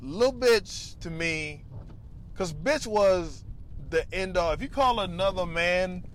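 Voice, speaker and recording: A man's voice: high voice, slow, slight background noise. Profane rambling male comedian. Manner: profane, animated, rambling on tangents. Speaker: stand-up comedian. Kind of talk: casual vlog monologue. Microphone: lavalier mic plugged into a phone.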